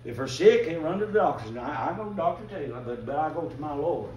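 A man's voice: on the high side, expressive, quick pace, a little mellow, a little hiss or hum. An older man preaching a fervent revival sermon in a church, breaking into emphatic bursts as the congregation calls back. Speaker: visiting preacher. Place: church sanctuary. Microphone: distant room mic. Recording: echoey church from far off. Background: congregation calling out responses.

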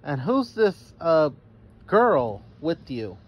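A man's voice: a little high, sing-song, slow pace, husky, muffled recording, full character voice. A man voicing a sassy, blunt girl in a storybook reading.

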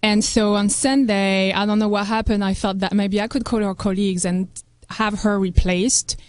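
A woman's voice: medium pitch, steady tone, normal speed, clean tone, no room sound. A woman whose first language is French, co-hosting a radio show in a casual, hesitant way, with many fillers. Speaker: co-host. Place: radio studio.

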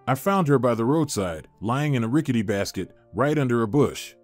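A man voicing a calm, devoted young husband who speaks affectionately. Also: medium pitch, a little fast, no echo, faint music behind, natural voice.

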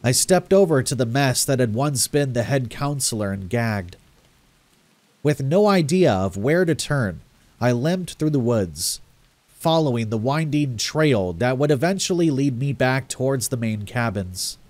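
Man narrating a horror story, mid-pitched, measured and grave. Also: animated, a little mellow, no room sound. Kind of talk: first-person horror story reading.

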